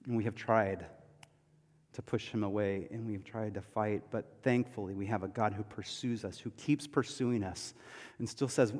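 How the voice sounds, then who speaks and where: A male pastor delivering a sermon, emphatic, moving between loud declarations and hushed, quiet passages. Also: lowish voice, steady tone, moderate pace. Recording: long hall reverb.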